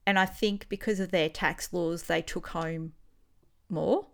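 A woman's voice: on the low side, steady tone, measured pace, vocal fry. A woman with an Australian accent, chatting enthusiastically as a podcast co-host. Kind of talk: casual chat.

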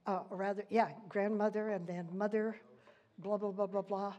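A woman's voice: medium pitch, level tone, normal speed, dark tone, lo-fi sound. An older woman leading an informal church Bible study, chatty and rambling, laughing often between points.

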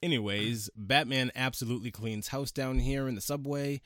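A man's voice: medium pitch, normal speed, fairly bright tone, dry recording. A man hosting a casual movie review chat, enthusiastic and gushing, often stammering as he restarts his sentences. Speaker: podcast host.

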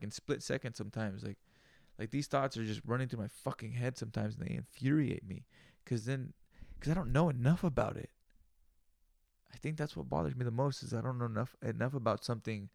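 A man's voice: medium pitch, gravelly, darkish tone, no room sound, studio quality. A man hosting a solo podcast, talking in a loose, profane, rambling rant. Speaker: podcast host.

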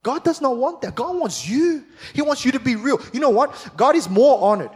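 Fired-up high-voiced preacher man. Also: lively intonation, moderate pace, a little mellow, husky. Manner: fired-up, emphatic preaching with repeated phrases. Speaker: pastor. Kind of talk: sermon. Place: large church hall. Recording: long church hall reverb.

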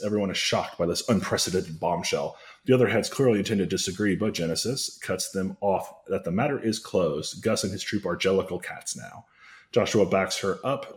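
Low-voiced man telling a comedic story. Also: moderate pace. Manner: narrates with asides and chuckles. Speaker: podcast co-host telling a parody story.

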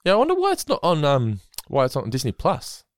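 A man, co-hosting a casual podcast, animated, swearing freely and acting out quotes. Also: a little high, fast talker, dry recording, studio quality. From Australia. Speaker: podcast co-host. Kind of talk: casual chat.

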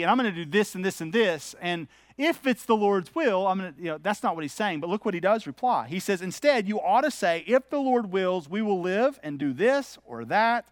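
A middle-aged pastor preaches in a candid, conversational manner, mixing stories from his own day into the sermon. His voice sits high for a man. The recording is dry and close, with almost no room sound. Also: no room sound.

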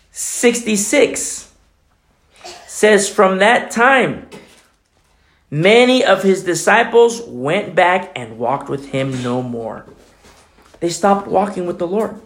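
A man preaching a sermon, animated, acting out little dialogues as he teaches. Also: high-pitched, slow pace, long pauses. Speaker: pastor.

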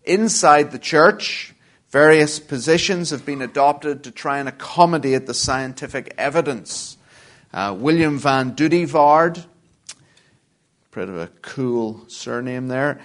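A middle-aged man from Northern Ireland with a Northern Irish accent, giving a church lecture in a measured way with dry, self-deprecating humor. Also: mid-range voice, lively intonation, fairly bright tone. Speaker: guest lecturer.

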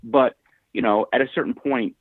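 Podcast guy, thinks out loud, lots of restarts, sounds like a phone line. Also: medium pitch, fairly even intonation, moderate pace, no echo. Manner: hesitant, restarts, thoughtful. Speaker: podcast co-host. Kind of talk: casual chat.

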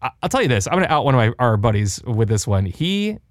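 A young adult man co-hosting a podcast, animated and joking, with a casual, profane way of talking. His voice sits at a middle pitch and the sound is close and dry, recorded in his home studio. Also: quick pace, no room sound. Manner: animated, swears freely, jokey. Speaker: podcast co-host.

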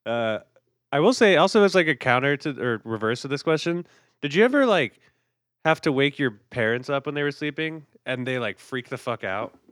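A man's voice: mid-range voice, very animated, normal speed, a bit bright, dry recording, clean studio sound. A young man co-hosting a casual podcast, talking loosely with lots of fillers. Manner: laid-back, lots of fillers and laughs. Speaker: podcast co-host. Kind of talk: casual chat.

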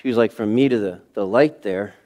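Man preaching an animated sermon. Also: lowish voice, fairly quick. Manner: animated storytelling, acting out scenes with sudden shifts in loudness. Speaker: pastor. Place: church sanctuary.

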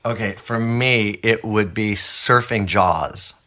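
A man in his sixties chatting casually as a guest, telling stories in an animated way and laughing often. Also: fairly low pitch, slow pace. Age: 60s. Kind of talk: casual chat.

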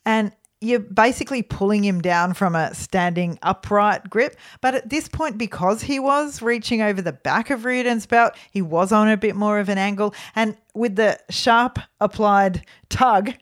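A woman co-hosting a casual sports podcast, chatty and quick to laugh, often trailing off with fillers. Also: mid-range voice. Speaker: podcast co-host.

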